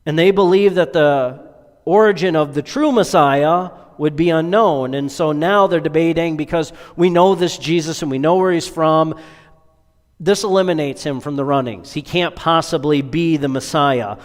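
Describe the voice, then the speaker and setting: A male pastor preaching with a fairly high voice and a long reverb trailing each phrase. He leans on rhetorical questions, swelling to emphatic peaks and then sinking to near-whispers. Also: normal speed. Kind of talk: sermon.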